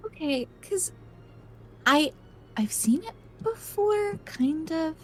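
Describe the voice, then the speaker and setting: A woman's voice: extremely high pitch, lively intonation, takes it slowly, a little hiss or hum, low-quality recording. A woman player in a tabletop game, playful and a little stammering.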